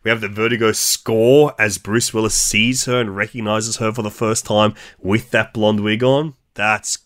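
A man's voice: on the low side, steady tone, moderate pace, a bit bright, no room sound, clean studio sound. A man co-hosting a casual film chat, talking with enthusiastic, profane slang. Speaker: podcast co-host.

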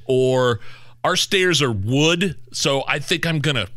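A man's voice: fairly high pitch, lively intonation, takes it slowly, sharp tone, no room sound. A man in his forties co-hosting a radio show, self-deprecating and laughing often as he tells rambling anecdotes at a studio mic. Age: 40s. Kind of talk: casual radio banter.

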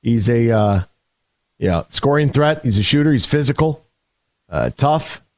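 A man's voice: medium pitch, lively intonation, a little slow, no room sound, clean studio sound. A man hosting a sports radio show in a casual, emphatic style, often restarting his sentences. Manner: conversational, emphatic, frequent restarts.

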